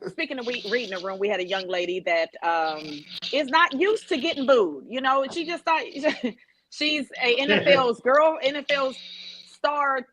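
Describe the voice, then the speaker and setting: A woman's voice: high voice, lively intonation, moderate pace, a bit bright, rough recording. A woman hosting a casual sports podcast over a video call, playful and teasing, laughing often. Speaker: podcast host.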